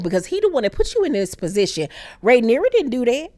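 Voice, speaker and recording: Animated woman recapping a TV show. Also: on the high side, fast talker, dry recording. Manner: animated, acts out characters in exaggerated voices. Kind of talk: casual profane TV recap.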